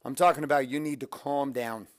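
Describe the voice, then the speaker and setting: A man's voice: medium pitch, steady tone, a little fast, no room sound, studio quality. A man hosting a motivational talk, coaching listeners through breathing and counting out drills with energy. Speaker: motivational podcast host.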